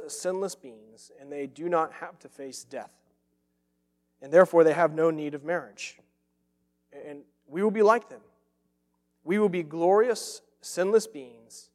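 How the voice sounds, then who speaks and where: A man's voice: on the high side, unhurried, darkish tone, in a large hall. A man preaching a sermon as pastor, earnest and emphatic, repeating phrases for stress.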